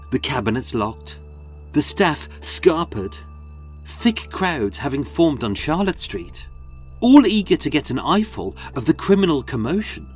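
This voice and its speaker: Animated male true-crime narrator. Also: mid-range voice. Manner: dramatic, animated storytelling.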